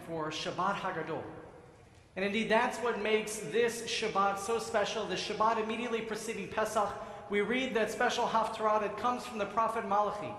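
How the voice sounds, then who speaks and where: A man giving a sermon as rabbi in a synagogue sanctuary, telling stories in a measured way and acting out the voices. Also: high-pitched, a bit bright, slight background noise. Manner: storytelling, acts out voices, measured. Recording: echoey sanctuary with long reverb.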